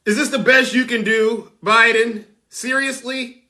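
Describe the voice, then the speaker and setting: A man's voice: very high voice, fairly even intonation, unhurried, pushed and bright. A man hosting a livestream, giving sarcastic political commentary with theatrical mock outrage and chats to viewers. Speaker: livestream host.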